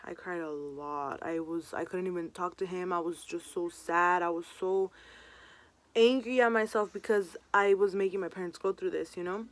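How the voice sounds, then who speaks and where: A woman's voice: lowish voice, steady tone, normal speed. A young woman vlogger telling a personal story in a casual storytime, full of "um" and "like". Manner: chatty, many fillers like "um" and "like".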